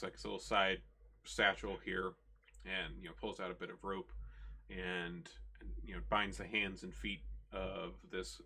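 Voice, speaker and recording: Deep-voiced, rambling male game master. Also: pushed and bright. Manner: rambling, full of "you know" and "like". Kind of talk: narrating a tabletop game.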